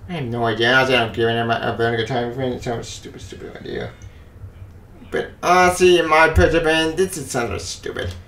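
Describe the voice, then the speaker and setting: A man giving a furious, profane rant on a comics news vlog, often shouting. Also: mid-range voice, fairly even intonation, fairly quick, few pauses. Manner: angry, profane ranting with frequent shouting. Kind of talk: ranting opinion vlog. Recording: echoey room, voice off-mic.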